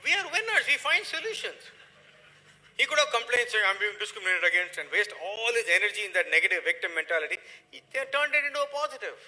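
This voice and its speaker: A middle-aged man giving a motivational business talk, emphatic and preachy, swinging between loud and hushed. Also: very high voice, big pitch swings, fast talker, rough recording. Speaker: motivational speaker.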